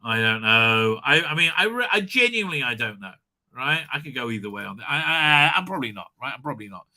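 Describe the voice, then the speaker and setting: Man, live stream host, bright tense voice, rambling, stammering, chatty, at home. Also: mid-range voice, very animated, quick pace. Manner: rambling, stammering, laughs often. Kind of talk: casual live stream chat reading comments.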